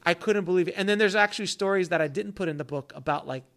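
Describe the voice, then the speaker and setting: A man in his thirties, a book author, telling animated stories as a guest and acting out quotes in other voices. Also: sits high, fast talker. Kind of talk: casual storytelling.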